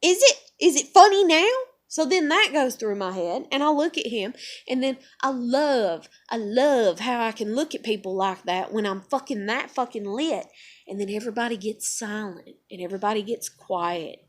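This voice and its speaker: A middle-aged woman ranting to camera, heated and profane, full of rhetorical questions and repeated phrases, upset and tired. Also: mid-range voice. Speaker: vlogger. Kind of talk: unscripted emotional rant to camera.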